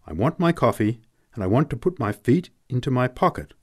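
A man's voice: medium pitch, big pitch swings, fairly quick, darkish tone. A man reading the part of a grumpy, chilled young man in a storybook, curt and irritable. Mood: grumbling.

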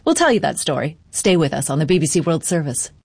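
A woman presenting the news headlines in a brisk, measured newsreading manner. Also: low-pitched, big pitch swings, creaky, darkish tone, husky, no room sound, studio quality.

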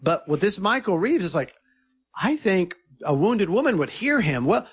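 A filmmaker being interviewed, telling an earnest, animated story and quoting others in his own voice. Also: high-pitched, normal speed, breathy edge.

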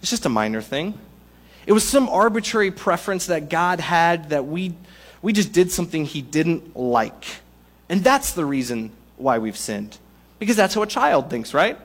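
A man delivering a sermon, his voice sitting a little higher than most men's. He preaches in a relaxed, conversational way and leans on humorous analogies to make his point. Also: normal speed. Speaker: pastor.

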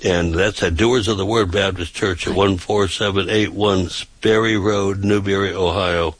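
A man hosting a talk show, making announcements and reading news aloud with casual asides, often pausing on filler sounds and restarting his sentences. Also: deep voice, fairly even intonation, husky, poor audio. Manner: halting, with frequent uh fillers and restarts.

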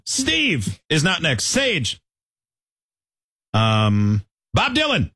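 A man's voice: on the high side, huge pitch swings, extremely slow, long pauses, bright, forceful tone, dry recording. A man hosting an impressions game, calling out prompts in a playful, laughing comedy banter. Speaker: host running an impressions game.

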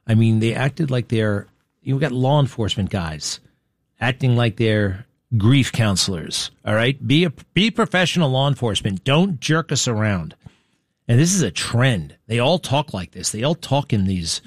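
A man's voice: fairly low pitch, dry recording, clean studio sound. A man hosting talk radio, giving indignant, combative commentary full of rhetorical questions.

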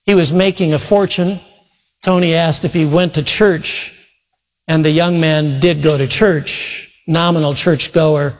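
A man's voice: fairly high pitch, steady tone, unhurried. A male preacher earnestly retelling a story in a sermon, quoting voices as he goes. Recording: long reverb from a large hall.

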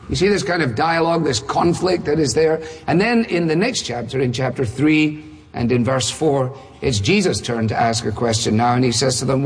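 Husky preacher man in a reverberant hall. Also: mid-range voice, expressive, fairly quick. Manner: rhetorical questions, wry asides, dramatic emphasis. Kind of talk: sermon.

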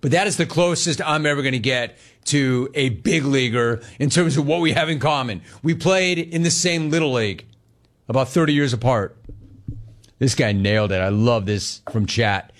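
A man in his forties hosting a sports talk show, telling stories in a lively, animated way and imitating his dad. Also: mid-range voice, normal speed. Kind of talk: casual talk show monologue.

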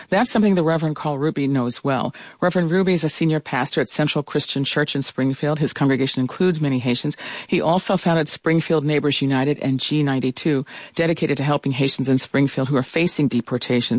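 A woman hosting a morning radio news program in a measured, scripted way. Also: low voice, darkish tone, no echo. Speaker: news host. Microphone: studio mic.

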